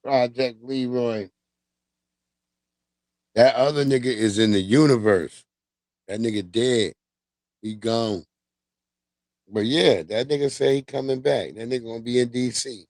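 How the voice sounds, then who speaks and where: A man's voice: medium pitch, a little slow, long pauses, darkish tone, no room sound. Laid-back profane man livestreaming. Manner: loose, profane, laughing storyteller. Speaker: livestream host. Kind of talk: casual livestream commentary.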